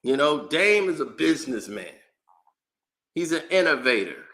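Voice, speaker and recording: A man's voice: on the high side, sing-song, moderate pace, fairly bright tone. A man hosting his own commentary channel, ranting in a casual, exasperated way with slang and frequent laughs. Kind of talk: casual opinion rant.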